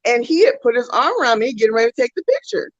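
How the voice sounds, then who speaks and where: A woman co-hosting a talk show, telling a story in a casual, animated way and acting out the voices. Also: fairly high pitch, very fast, lo-fi sound. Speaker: co-host.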